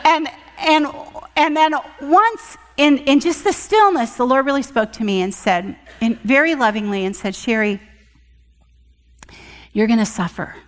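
A woman's voice: sits high, moderate pace. Earnest woman preaching in a reverberant hall. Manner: earnest, emphatic, swings from loud to hushed. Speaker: guest speaker at church session. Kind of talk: sermon with personal testimony. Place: church hall.

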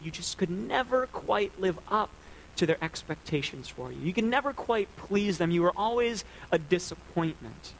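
High gravelly-voiced male preacher. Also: a bit bright, slight background noise, poor audio. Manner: earnest, conversational preaching. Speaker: pastor. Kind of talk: sermon.

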